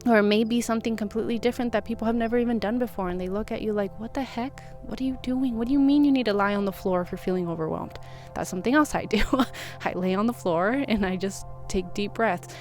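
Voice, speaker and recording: Gentle, reflective woman with faint music. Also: on the high side. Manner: gentle, reflective, soothing when quoting self-talk. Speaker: vlogger. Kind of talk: casual self-help talk to camera.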